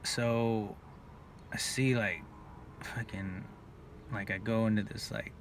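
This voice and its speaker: Casual male vlogger, profane and rambling, gravelly low voice, recorded from a distance. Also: steady tone, takes it slowly. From Northern California. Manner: rambling, profane, full of "like" and restarts. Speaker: vlogger telling personal stories. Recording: distant mic with faint background noise.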